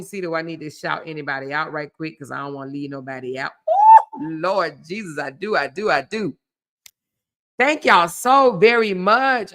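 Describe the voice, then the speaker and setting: A woman's voice: a little high, bright, forceful tone. A woman hosting a casual live stream, chatty and laughing often as she thanks viewers by name.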